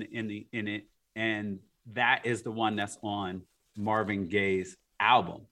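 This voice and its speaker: A man as an interview guest, telling stories in a rambling, animated way with frequent laughs and fillers. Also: lowish voice. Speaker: guest, art collector. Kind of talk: casual interview storytelling.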